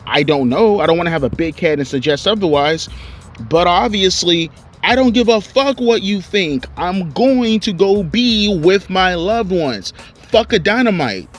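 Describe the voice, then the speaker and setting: A young man ranting angrily and profanely about online commentators, recorded outdoors on his cell phone. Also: fairly high pitch. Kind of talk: angry rant vlog.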